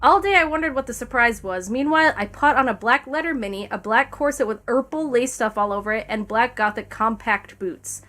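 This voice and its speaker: A woman's voice: a little high, a little fast, few pauses, sharp tone. A woman streamer reading a fanfic aloud, breaking into laughter and wry asides between lines.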